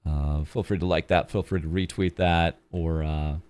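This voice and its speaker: This young man talks casually during a charity livestream as a VTuber, meandering and mocking himself, heavy on the ums and uhs. His voice sits low and steady at a normal speed, darkish, clear, and resonant, in a dry recording.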